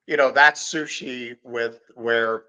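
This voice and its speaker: A man's voice: mid-range voice, slow, poor audio. Dry-joking male co-host. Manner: dry deadpan wisecracks. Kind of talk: casual podcast banter.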